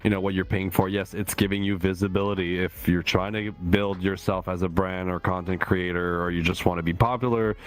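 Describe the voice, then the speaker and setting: A man's voice: low-pitched, flat delivery, brisk, hardly any pauses. A man from Quebec co-hosting a podcast, chatting casually and self-deprecatingly with plenty of fillers. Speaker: podcast co-host.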